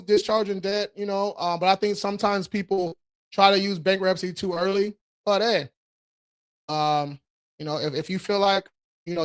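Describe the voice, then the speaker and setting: A man with a fairly high voice hosts a casual live-stream Q&A about credit. He talks loose and slangy, swears freely and laughs often, and he keeps firing off quick rallying calls to his viewers. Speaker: credit repair host.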